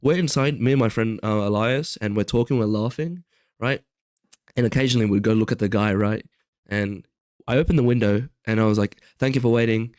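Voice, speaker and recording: A man's voice: lowish voice, brisk, darkish tone, dry recording. A young man co-hosting a podcast in casual chat, rambling with many fillers and restarts. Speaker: podcast co-host.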